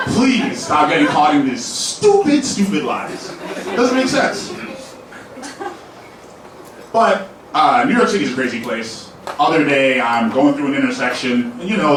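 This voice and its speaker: A man's voice: on the high side, noisy background. A young man doing a loose, profane stand-up set in a comedy club, laughing at his own jokes. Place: comedy club main room. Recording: echoey club room, mic at a distance.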